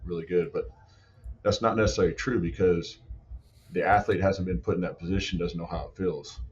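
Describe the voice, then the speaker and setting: A man's voice: low-pitched, a little fast, dull audio. A man who coaches football strength and conditioning, telling training stories in a casual chat full of "like" and "you know". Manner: animated storytelling, many "like" and "you know" fillers. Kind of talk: casual podcast conversation.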